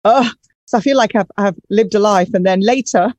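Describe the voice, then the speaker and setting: A woman, a nurse and nutritionist, chatting fast as a guest on a live online show and often repeating her words. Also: medium pitch, a little mellow, no room sound, lo-fi sound.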